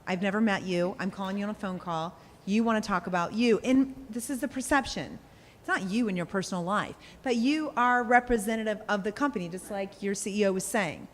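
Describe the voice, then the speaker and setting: A woman sales coach giving a workshop talk, direct and animated, acting out examples to the group. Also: mid-range voice, a little fast. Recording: echoey hall.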